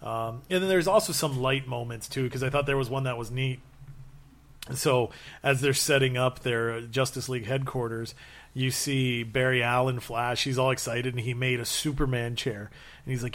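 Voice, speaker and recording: A man's voice: mid-range voice, fairly quick. A man in casual chat, telling long stories with many fillers and restarts and acting out quotes. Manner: rambling, animated storytelling with acted-out quotes.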